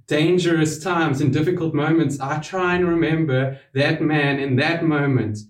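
Preacher, male, slightly high voice, earnest, hushed drops, roomy distant sound. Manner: earnest, with sudden drops to a hush on key words. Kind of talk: sermon. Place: church hall.

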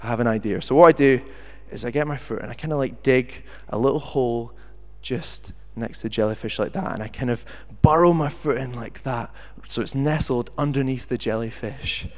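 A man delivers a sermon in an animated storytelling manner, acting out the voices of the people in his story. His voice sits at an ordinary middle pitch. It rings out with the long reverb of a large hall. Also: moderate pace, hardly any pauses. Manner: animated storyteller who acts out quotes. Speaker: preacher.

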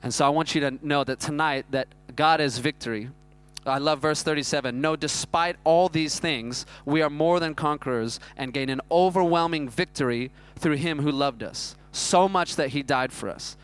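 A man, preaching a sermon that is built around a self-mocking personal story told in an animated way. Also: fairly high pitch, moderate pace, clear, resonant tone. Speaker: pastor.

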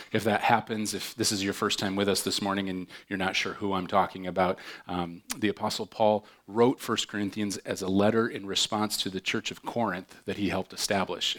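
A man with a fairly low voice preaches a sermon in a chatty, upbeat way. He reads scripture and breaks off into joking asides, then slips back into the sermon. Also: fairly bright tone. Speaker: pastor.

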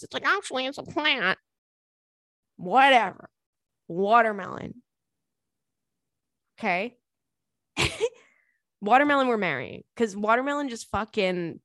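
A young woman hosting a podcast in casual chat, animated and profane, laughing often between thoughts. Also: mid-range voice, no room sound, studio quality. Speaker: podcast host.

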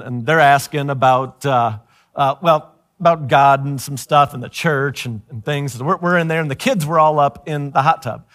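A middle-aged man preaches through a funny family anecdote with a high, bright voice. He slips into the voices of the people he quotes and laughs along with the story. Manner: animated, acts out quoted voices, laughs often. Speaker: pastor. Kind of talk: sermon-style storytelling.

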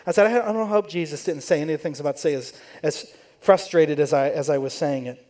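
Man, pastor, sermon in church, chatty storytelling, acts out voices, high-pitched. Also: fast talker, a little mellow.

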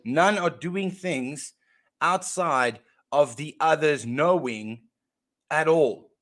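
A man's voice: fairly high pitch, slow pace, fairly bright tone. Emphatic man arguing theology. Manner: emphatic, repeats key phrases. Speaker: podcast co-host. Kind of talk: casual theology discussion.

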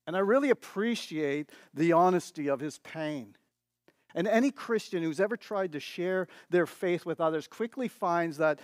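A male pastor delivering a sermon in a slightly high voice, earnest and emphatic, stacking repeated words for weight. The sound is dry and close, with no room echo. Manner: earnest, building emphasis through repeated phrases.

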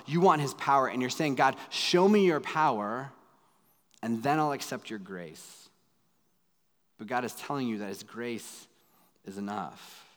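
Pastor preaching in a reverberant hall. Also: male voice, mid-range voice. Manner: dramatic, swings from loud pleading to hushed. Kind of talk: sermon.

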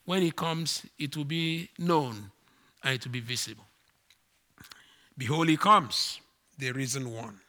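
A man preaching a sermon to his congregation, slow and emphatic, with dramatic swings in pitch and volume. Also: pushed and bright. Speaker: pastor.

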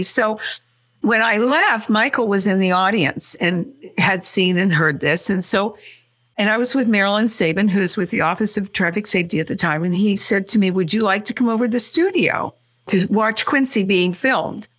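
An older woman from California, a guest in an interview, telling her story quickly and acting out what people said. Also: medium pitch. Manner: animated, quick storyteller who acts out quotes.

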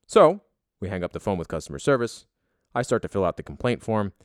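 A man's voice: on the low side, sing-song, brisk, dry recording, clean studio sound. A young man telling a story as a casual, exasperated rant, swearing heavily.

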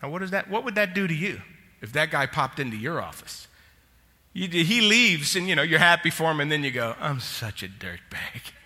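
A man's voice: on the high side, animated, fairly quick, bright, forceful tone. A male senior pastor preaching a sermon, telling a personal story with feeling and closing in prayer. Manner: emotional storytelling, ends in prayer. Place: church sanctuary. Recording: long church hall reverb.

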